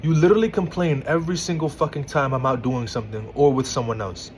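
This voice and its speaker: Man, casual commentary, exasperated, stammers, mid-pitched voice, faint background hiss. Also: fast talker, low-quality recording. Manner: exasperated, stammering restarts, incredulous. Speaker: commentator reading text messages.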